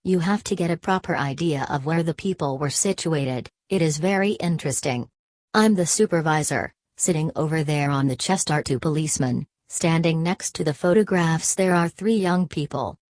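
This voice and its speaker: A woman's voice: low voice, normal speed, darkish tone, no room sound, natural voice. Woman reading as anxious, insistent clerk K. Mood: explaining.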